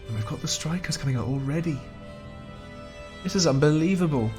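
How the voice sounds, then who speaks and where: A man's voice: fairly high pitch, lively intonation, brisk, over music. A man giving chatty, wry play-by-play commentary on a strategy game match as the host, chuckling often. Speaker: esports caster.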